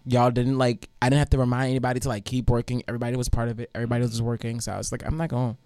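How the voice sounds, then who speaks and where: A man's voice: medium pitch, rapid-fire, clear, resonant tone, no echo. Chatty young man telling stories, dry mic. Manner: animated storyteller, laughs a lot, swears casually. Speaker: teacher and podcast co-host. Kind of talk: casual chat, storytelling.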